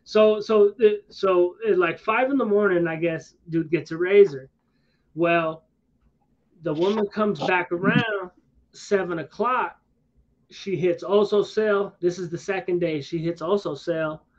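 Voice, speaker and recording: Man, high-pitched voice, rambling casual storyteller, slangy asides, muffled lo-fi audio. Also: measured pace. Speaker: streamer. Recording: dull lo-fi sound.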